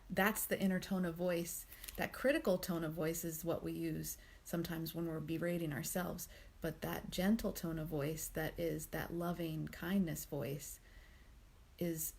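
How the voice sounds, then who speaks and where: A woman hosts a daily mindfulness reflection, speaking gently and without hurry, pausing on frequent ums. Her voice sits low, with a husky, breathy texture and a gravelly fry at the edges. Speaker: host of a daily mindfulness reading series. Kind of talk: reflective spoken commentary on a book reading.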